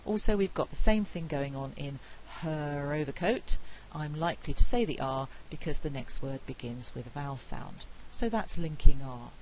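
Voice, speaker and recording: A woman with a non-rhotic British accent giving a university phonetics lecture, clear and deliberate, slowing down to demonstrate sounds. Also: low voice, a little mellow, slight background noise, poor audio. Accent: non-rhotic British English.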